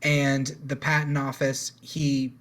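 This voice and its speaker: A man's voice: mid-range voice, level tone, slow pace, a bit bright. A man co-hosting a podcast in casual chat, rambling through a news story with jokes and swearing. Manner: rambling, joking, swears freely. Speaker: podcast co-host.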